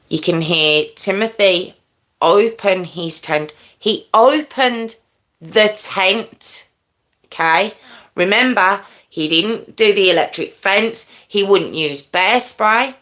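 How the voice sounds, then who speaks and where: A woman with a low voice tells a true crime story slowly to her livestream audience. She talks in a conversational, halting way, restarts her sentences and keeps checking in with her listeners. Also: pushed and bright.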